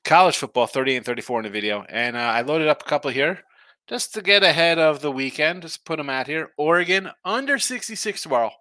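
A man's voice: a little high, expressive, a little fast, pushed and bright, dry recording. A man hosting a casual sports betting picks show, talking in a rambling, trailing-off way while sleepy and yawning.

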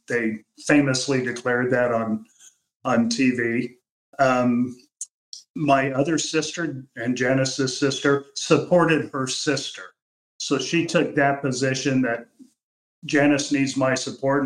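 An older man speaking as a podcast guest, measured and reflective, often restarting his sentences. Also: mid-range voice. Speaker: podcast guest, uncle of the family. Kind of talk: reflective interview talk. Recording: echoey room.

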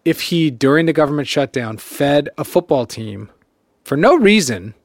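A man's voice: a little high, very animated, normal speed, no room sound, clean studio sound. Wry man chiming in with quips. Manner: wry, chimes in with quips and questions. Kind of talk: casual chat.

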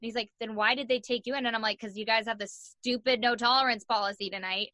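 A young woman tells a story in an animated, chatty way, full of "like" and acted-out quotes. Her voice is bright and fairly high. The recording is dry and close. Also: fast talker, no echo. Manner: animated, acts out quoted voices, many "like" fillers. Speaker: guest. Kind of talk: casual storytelling in an interview.

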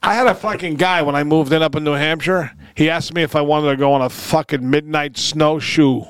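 A man's voice: fairly high pitch, fairly even intonation, fairly quick, smooth. A man from New England, co-hosting a casual comedy podcast, ranting with heavy profanity and laughter. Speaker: podcast co-host.

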